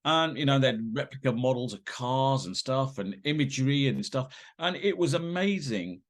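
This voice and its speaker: A man, a guest on an interview podcast, telling rambling, animated anecdotes with many fillers and restarts. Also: mid-range voice, moderate pace.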